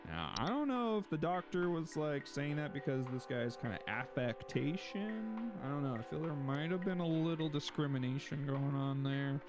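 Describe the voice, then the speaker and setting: A man's voice: fairly high pitch, animated, moderate pace, hardly any pauses, music in the background. A man streaming a game, joking and rambling and slipping into silly voices. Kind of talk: casual gaming livestream.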